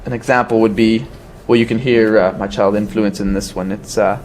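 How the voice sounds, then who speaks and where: A man answering questions in a comedy mock interview, deadpan and cheeky. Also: on the low side, a little fast, a little hiss or hum.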